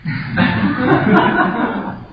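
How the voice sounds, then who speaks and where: A man with a Thai accent, a native Thai speaker, teaching a meditation class, explaining words slowly and spelling them out, joking at his own expense and chuckling often. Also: a bit bright. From Thailand. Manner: self-mocking humor, chuckles often. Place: meditation hall. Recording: echoey room, dull lo-fi sound.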